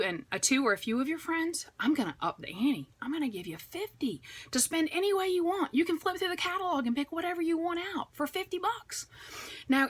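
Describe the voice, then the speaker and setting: A woman coaching direct sellers in a chatty, upbeat way, acting out phone calls in a brighter voice. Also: on the high side. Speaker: direct sales trainer. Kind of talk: motivational sales coaching talk.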